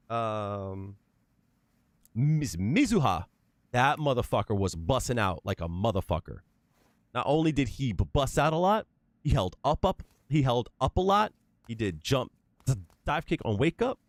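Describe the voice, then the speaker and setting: A man's voice: medium pitch, no echo. A man streaming and chatting casually, telling stories in a profane, emphatic way. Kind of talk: casual livestream chat.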